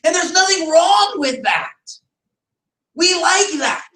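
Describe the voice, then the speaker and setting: A man with an extremely high, sing-song, sharp voice leads a motivational business team meeting, speaking slowly but emphatically. He fires rhetorical questions at the group and sometimes raises his voice, recorded from a distance in an echoey meeting room.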